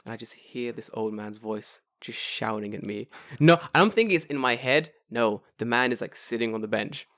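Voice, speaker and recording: A podcast co-host in his twenties chats casually, telling stories with plenty of energy at a moderate pace. He jumps into a high, excited voice for quotes and swears freely. The studio recording is clean, with no room sound.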